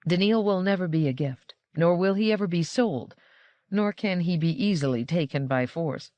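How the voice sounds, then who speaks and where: A woman's voice: fairly low pitch, normal speed, a little mellow, no echo, muffled recording, natural voice. A dignified, very old noblewoman voiced by a woman reader speaks firmly and with composure. The audiobook recording is dry and close.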